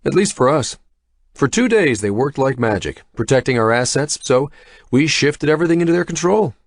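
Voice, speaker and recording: A man reads an audiobook, pitching his mid-range voice above his own to play a cocky male banker who talks in a smug, theatrical way. His intonation is lively and his speed normal, with clean studio sound and no room echo.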